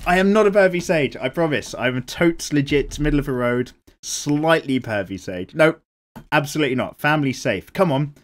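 A man's voice: fairly high pitch, expressive, normal speed. A young British man hosting a drawing show, reading out viewer comments in a rambling, casual way, swearing freely and laughing often. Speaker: art channel host.

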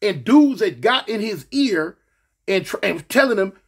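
Husky high-voiced man telling a story. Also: a little slow. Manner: slangy, animated, acts out quoted voices. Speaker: storyteller recounting his past. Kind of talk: casual storytelling.

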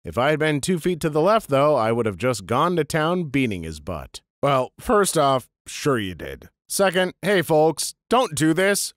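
A man's voice: fairly high pitch, very animated, measured pace, few pauses, no echo, clean studio sound. A man narrating a string of internet stories in a matter-of-fact reading voice. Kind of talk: scripted story narration.

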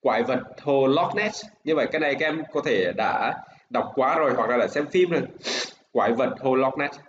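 A Vietnamese man teaching an English lesson in his Vietnamese accent, who speaks slowly and repeats each word for his pupils to echo. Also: mid-range voice, lively intonation, muffled recording.

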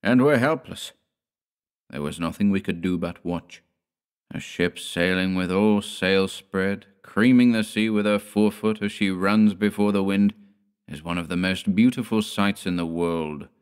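Deep-voiced man narrating a horror audiobook. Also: fairly even intonation, smooth. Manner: measured, dramatic storytelling.

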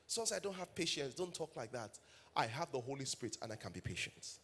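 A man's voice: mid-range voice, very animated, fast talker, fairly bright tone, slightly rough. A man with a Nigerian English accent preaching a sermon as pastor, telling stories and building to emphatic calls to the congregation.

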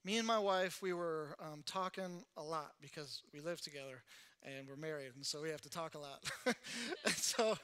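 A young male pastor giving a conversational, animated recovery sermon in church and laughing at himself. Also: on the high side, normal speed, smooth.

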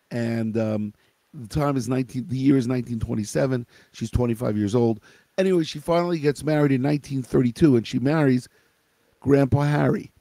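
Gravelly-voiced man telling a family story. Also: medium pitch, dark tone, dry recording. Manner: conversational, asks listeners questions. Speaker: host. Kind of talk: live-stream storytelling.

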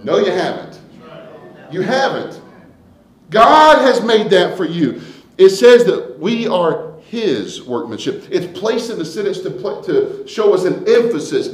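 A man preaching a sermon as pastor, swinging from hushed asides to loud, emphatic declarations. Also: sits high, very animated, a little slow, reverberant, poor audio. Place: church sanctuary.

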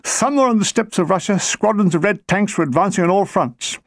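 A man's voice: high-pitched, brisk, no room sound. A man reading his own wartime memoir aloud, with a dry comic storytelling manner. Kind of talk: audiobook narration.

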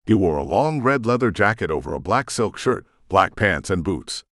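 Male audiobook narrator, deep and expressive, dark brooding read, dry close mic. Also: normal speed, no room sound. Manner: dramatic, brooding. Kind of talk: first-person audiobook narration.

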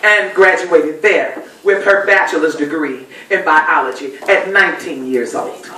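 A woman's voice: sits low, a little slow, recorded from a distance. Middle-aged woman telling stories in an echoey hall. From Texas. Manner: animated, folksy storyteller. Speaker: guest speaker at a dinner event. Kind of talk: personal storytelling speech. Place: banquet hall.

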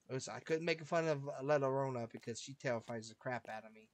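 A man giving joking, slangy commentary over a game, laughing often and swinging between loud outbursts and mutters. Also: medium pitch, fast, hardly any pauses, no echo. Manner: goofy, slangy, laughs a lot, jumps loud and quiet. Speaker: gaming streamer.

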